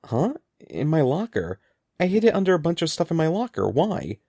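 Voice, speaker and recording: A skeptical, quick-talking schoolgirl in a storybook, as a man narrator puts her on, wry and pitched a little higher. The voice has a mellow, gravelly grain. The sound is dry and close. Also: big pitch swings, no echo, exaggerated voice.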